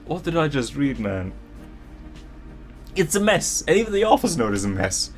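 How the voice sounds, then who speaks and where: A man's voice: a little high, big pitch swings, moderate pace, long pauses, soft background music. A man reading a story aloud and mocking it, exasperated, laughing and swearing. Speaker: channel host. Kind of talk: comedic dramatic reading and commentary.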